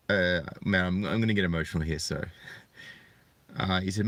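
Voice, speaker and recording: A man in his thirties talking earnestly and reflectively to viewers on a live stream, often halting to find his words. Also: deep voice, a bit bright. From Australia. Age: 30s. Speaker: channel host. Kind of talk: live-streamed personal talk.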